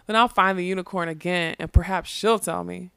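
A woman voicing a remorseful, wry male magician in a storybook reading, halting and gentle. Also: on the low side, fairly even intonation, vocal fry, clean tone, no room sound, clean studio sound.

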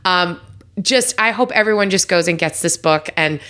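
A woman's voice: fairly low pitch, normal speed, pushed and bright. A woman hosting a podcast interview, effusive and chatty, with lots of restarts and fillers. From New York Italian American family. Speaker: podcast host. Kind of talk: casual interview chat.

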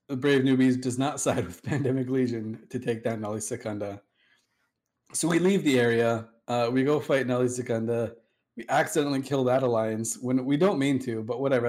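Relaxed male storyteller, loose and profane, jokes at his own expense, mid pitch. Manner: laid-back, profane, self-mocking, acts out quoted dialogue. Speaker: storyteller recounting online game history. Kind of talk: casual storytelling.

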